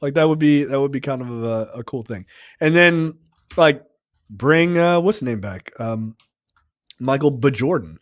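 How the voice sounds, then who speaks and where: A man's voice: medium pitch, lively intonation, unhurried. A man co-hosting a podcast, rambling in casual chat with lots of filler words. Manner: rambling, many fillers, laughs easily. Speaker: podcast co-host.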